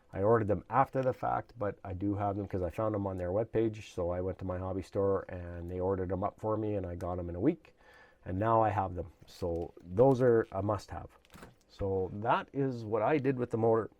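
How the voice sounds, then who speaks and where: A man hosting a hobby channel, explaining a model build in a casual, rambling way with lots of fillers, his voice a little hoarse. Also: on the low side, darkish tone, no room sound. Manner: rambling, many fillers and restarts. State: slightly hoarse, losing his voice. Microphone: camera mic, at times handheld camera.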